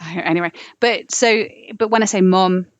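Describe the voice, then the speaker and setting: A woman's voice: medium pitch, dry recording, muffled recording. A woman with a southern English accent, a singer chatting as a podcast guest in a bubbly, rambling way. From England, London. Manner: bubbly, rambling, quick asides. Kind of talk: casual podcast chat.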